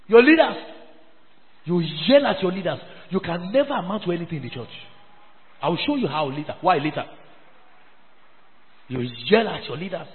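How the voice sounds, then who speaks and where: Brief: high, animated preacher, scolding and repetitive, tinny phone-like sound. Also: male voice, long reverb tail. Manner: emphatic, repeats phrases, scolding. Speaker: pastor. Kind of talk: sermon.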